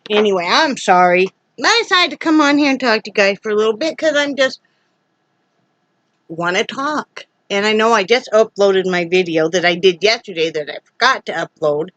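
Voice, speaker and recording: A woman's voice: mid-range voice, lively intonation, moderate pace, fairly bright tone, no echo, low-quality recording. Chatty woman vlogging from home. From Iowa. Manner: chatty, rambling, scolds her dogs. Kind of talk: casual chat to camera.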